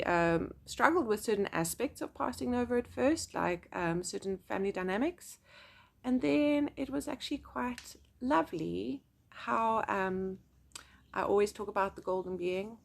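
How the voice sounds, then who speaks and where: Young woman, psychic medium, chatty storytelling vlog, expressive, mid pitch. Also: gravelly. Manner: chatty, expressive, with filler words. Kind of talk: personal storytelling to camera.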